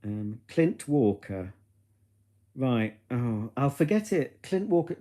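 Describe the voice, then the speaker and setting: A man's voice: medium pitch, expressive, slow pace, dark tone. A man hosting a casual live stream at home, chatting to viewers in a camp, cheeky, gossipy way full of innuendo. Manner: chatty and gossipy, musing aloud. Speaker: livestream host reading viewer comments. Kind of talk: casual chat to a live audience.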